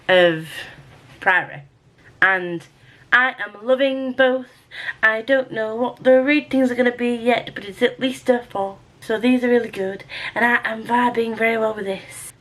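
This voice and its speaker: A young woman talking casually to camera in a weekly reading vlog, chatty and rambling with quick asides. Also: on the high side, fairly bright tone. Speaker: book vlogger.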